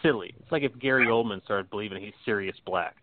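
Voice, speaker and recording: A man's voice: on the low side, fast talker, noisy background. A man chatting casually and bluntly, swearing freely and laughing often as he argues his opinions. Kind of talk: casual chat. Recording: tinny phone-like sound.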